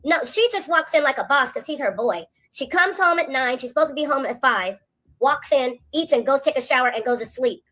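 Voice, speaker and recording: A woman co-hosting a casual commentary stream, telling stories in an animated, indignant way. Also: high-pitched, fairly quick. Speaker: co-host.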